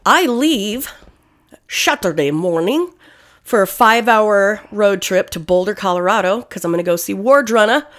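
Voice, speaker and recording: A woman co-hosting a podcast in casual chat, talking loosely and swearing freely, with animated outbursts. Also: medium pitch, normal speed. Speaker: podcast co-host.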